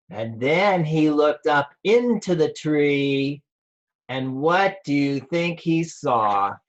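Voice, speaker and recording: A rabbi reading a picture book aloud to children over a video call, slow and playful, asking them questions. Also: male voice, fairly high pitch, expressive, highs cut off.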